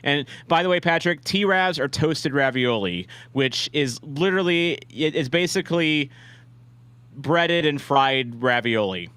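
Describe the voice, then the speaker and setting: A man's voice: fairly high pitch, animated, unhurried, fairly bright tone, smooth, no room sound. A man hosting a live-stream watch-along, chatting casually with viewers in a rambling, self-deprecating way with many restarts. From St. Louis, USA. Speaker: livestream watch-along host.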